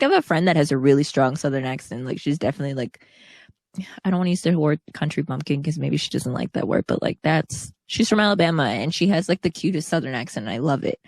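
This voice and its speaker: A woman's voice: deep voice, vocal fry, darkish tone, no room sound, studio quality. A woman co-hosting a podcast in casual chat, rambling and hedging with many fillers. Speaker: podcast co-host.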